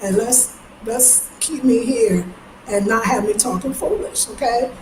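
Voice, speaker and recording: A lively woman from New York talks straight to her viewers in a loose, slangy vlog chat. Her voice sits a little high, and she keeps jumping into squealing impressions of other people. The sound rings in an echoey room with a faint hum of ambience behind her. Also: a little slow. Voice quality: animated, slangy, jumps into high mimicking voices. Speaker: vlogger.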